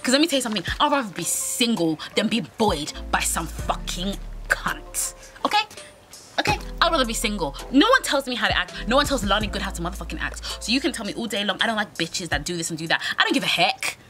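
A woman's voice: medium pitch, very animated, fast talker, sharp tone. A young woman with a British accent telling a brash, profane, dramatic storytime on her vlog. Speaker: vlogger. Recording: music playing under the voice. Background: music.

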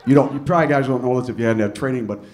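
A man's voice: medium pitch, rapid-fire, darkish tone, slight background noise. A man doing a stand-up comedy set in a club, telling a profane story and acting out both sides. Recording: live club recording with audience laughter.

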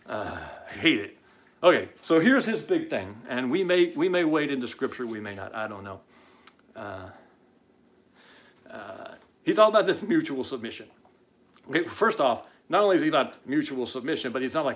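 A man's voice: mid-range voice, expressive, brisk, fairly bright tone. A man hosting an online show, talking in casual live-stream commentary with many "uh"s and stammering restarts, blunt and combative.

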